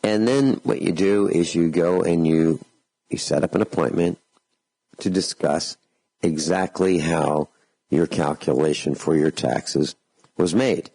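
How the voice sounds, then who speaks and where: A man hosting a talk radio show, giving slow, deliberate advice and repeating phrases for emphasis. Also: deep voice, creaky, mellow, no echo, rough recording.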